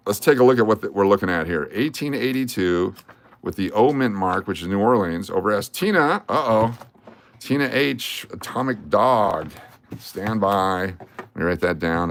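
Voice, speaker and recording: A man's voice: lowish voice, dry recording. A man hosting a casual livestream, chatting in a rambling way and reading out viewer names and requests. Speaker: livestream host.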